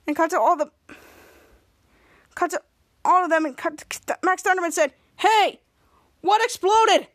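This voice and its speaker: A woman with a very high voice hosts a podcast and recaps an episode in a loose, rambling way. She restarts her sentences often and trips over words as she goes. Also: steady tone, normal speed, long pauses, a bit bright. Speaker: podcast host.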